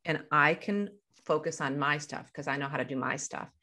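Low-voiced woman coaching by example. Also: moderate pace, pushed and bright. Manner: explains through everyday examples, with a laugh. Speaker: life coach guest. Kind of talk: conversational podcast interview. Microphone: video call.

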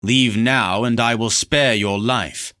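A man's voice: medium pitch, fairly even intonation, takes it slowly, sharp tone, no echo, studio quality, voice pushed up. A man voicing a proud young prince who speaks in a cold, clipped, defiant way.

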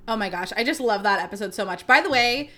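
Talking fast with lively intonation, this young podcast host tells a self-deprecating story and swears freely throughout her chatty monologue. Her medium-pitched voice sounds pushed and bright.

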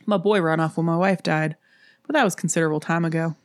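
A woman's voice: deep voice, steady tone, quick pace, dry recording, clean studio sound, close to an everyday voice. A woman voicing a weary older male snowplow driver who speaks in plain, terse country talk.

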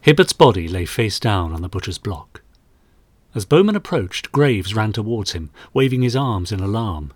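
A man narrating a short story in a measured, dramatic storytelling manner. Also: lowish voice, very animated, breathy edge, no room sound, soft background music. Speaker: audiobook narrator. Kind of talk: scripted narration.

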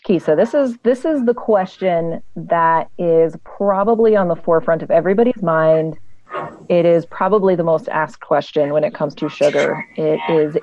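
Lady cohost, kinda low voice, jokey questions, slightly dull audio. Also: normal speed, a little mellow, a little hiss or hum. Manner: playful, asks questions, jokey. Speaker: podcast co-host. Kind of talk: casual podcast chat.

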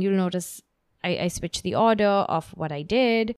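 A woman's voice: medium pitch, a little fast, no room sound, clean studio sound. A woman copy coach teaching writing tips in a spoken lesson, reading example copy aloud with expression. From grew up in Bombay, India. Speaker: copy coach and podcast host.

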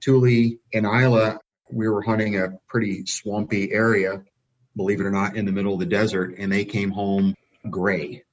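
A man who breeds and shows dogs, telling relaxed anecdotes with the odd laugh. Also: on the low side, normal speed, muffled recording. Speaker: dog breeder and show handler. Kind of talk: casual storytelling.

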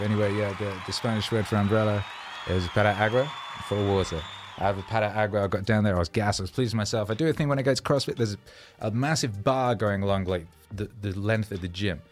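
A man, a rapper, telling rambling, self-mocking stories in a casual monologue, loose with fillers and swearing. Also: lowish voice.

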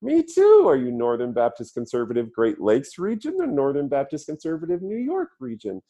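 A man imitating a comedian's persona, a squeaky, falsely innocent man with a high falsetto voice. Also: huge pitch swings, brisk, mellow, lo-fi sound. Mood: chirpy.

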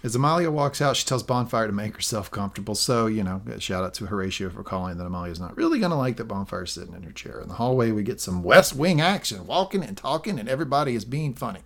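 A man's voice: lowish voice, sing-song, fast, hardly any pauses, fairly bright tone. A man co-hosting a podcast, casually recapping a TV episode and reading out quoted lines. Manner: narrates plot, reads quoted lines aloud. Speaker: podcast co-host.

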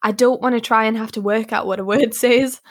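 A young woman at university co-hosting a casual podcast chat, bubbly and quick to giggle, who calls herself shy. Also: fairly high pitch, steady tone. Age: young adult. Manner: bubbly, giggly, shy by her own words. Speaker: podcast co-host.

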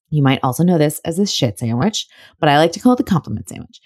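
A young woman talks through her own podcast in a loose, chatty way, sometimes laughing. Her voice sits on the low side. The sound is dry and close, with no room around it. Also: dry recording. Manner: chatty and warm-hearted, breaks into laughs. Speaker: podcast host. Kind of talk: casual solo podcast talk.

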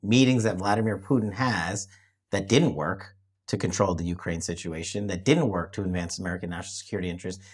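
Husky low-voiced man talking politics. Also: quick pace. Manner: emphatic, repeats himself when restarting. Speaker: show host. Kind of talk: political discussion.

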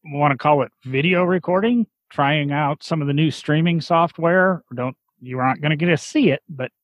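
A man hosting a casual podcast with friends, chatty and prone to quick restarts. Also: a little high, no room sound, lo-fi sound. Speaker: podcast host. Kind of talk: casual chat.

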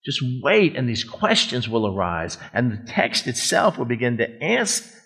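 A man's voice: medium pitch, wildly swooping pitch, a little slow, creaky, fairly bright tone, breathy edge. A middle-aged man, a pastor, preaching a conversational, folksy sermon and drawing out words for emphasis.

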